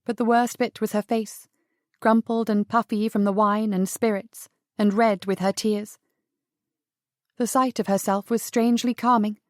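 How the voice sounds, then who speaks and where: A woman reading an audiobook romance as narrator, telling the story in an even, intimate way. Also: mid-range voice, normal speed, no echo, clean studio sound. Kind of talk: scripted narration.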